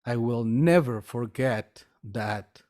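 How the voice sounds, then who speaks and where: Telling his own story in a halting, heartfelt way, a metaphysical store owner and meditation teacher keeps repeating words as he speaks. He has a mid-range voice with a slightly mellow quality.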